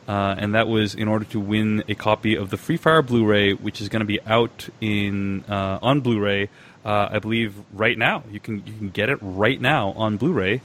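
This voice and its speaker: A man's voice: lowish voice, steady tone, normal speed, a bit bright. A man hosting a podcast, chatting casually and reading a listener's email aloud, with many filler sounds. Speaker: podcast host.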